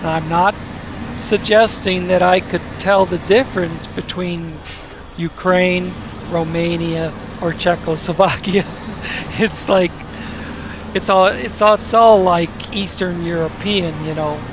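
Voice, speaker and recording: A man with a high-pitched, steady voice hosts his gaming channel, speaking slowly. He rambles through gameplay commentary, correcting himself and tossing in crude asides, while a game vehicle's engine noise runs underneath.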